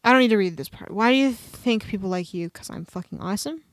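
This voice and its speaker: A woman streamer reads online personality quizzes aloud in a relaxed, sarcastic way, tossing in offhand swearing. Her voice sits at an ordinary middle pitch. It is captured dry on a close mic with no room sound. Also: fast talker, dry recording.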